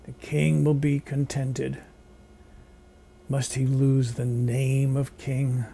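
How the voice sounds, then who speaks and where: A man reciting stage verse as a defeated king, in a slow, measured theatrical delivery. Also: medium pitch, monotone, gravelly, dark tone. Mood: resigned.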